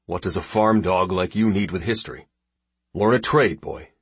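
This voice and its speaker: A man's voice: deep voice, normal speed, husky, dry recording. A man voicing a harsh old male farmer and inventor who talks down to his son bluntly. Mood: scornful. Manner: blunt and scornful.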